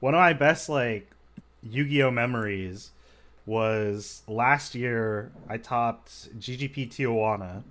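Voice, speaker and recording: A man casually commentating a card game match, relaxed and chatty with lots of fillers. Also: medium pitch, slow.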